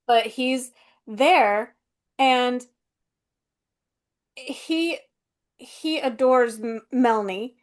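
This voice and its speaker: Woman, high bright-pitched voice, casual podcast co-host, rambling, full of fillers. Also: very slow, long pauses. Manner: rambling, filler-heavy, acts out characters' lines. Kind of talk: casual book-and-film review chat.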